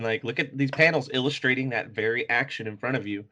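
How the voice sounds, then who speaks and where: A man co-hosting a podcast, reviewing comics in a relaxed chat, laughing often and saying "like" a lot. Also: mid-range voice, fast. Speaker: podcast co-host.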